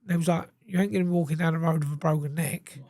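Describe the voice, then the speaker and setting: A man's voice: on the high side, fairly even intonation, fast talker, a little mellow, dry recording. Male interview guest, blunt and sweary, acts out quoted lines, dry close sound. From England. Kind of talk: casual storytelling.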